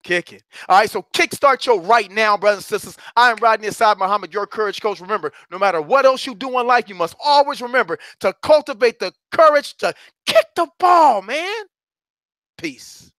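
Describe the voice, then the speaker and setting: High, bright-voiced motivational speaker man. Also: brisk, dry recording, clean studio sound. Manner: animated, playful, preacher-like delivery. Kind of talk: motivational talk.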